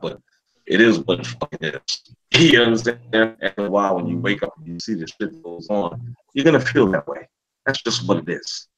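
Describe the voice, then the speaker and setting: A man's voice: low-pitched, a bit bright, rough recording. A man hosting a casual sports podcast, talking emotionally with lots of fillers and swearing. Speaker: podcast host.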